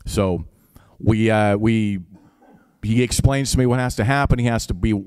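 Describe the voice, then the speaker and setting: A man's voice: on the low side, moderate pace, a little mellow, clean tone, no room sound, clean studio sound. A man with an Upper Midwest accent telling a personal story live, in a casual, wry, profane way.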